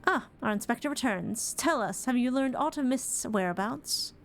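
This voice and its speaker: A woman's voice: sits high, lively intonation, moderate pace, fairly bright tone. A woman voicing an earnest, determined young companion in a video game, reading her lines aloud.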